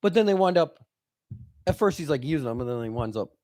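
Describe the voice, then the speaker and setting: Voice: medium pitch, fast, no room sound, clean studio sound. A podcast co-host in casual chat, telling stories with lots of laughter and acted-out quotes. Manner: animated storyteller, laughs often, acts out quotes.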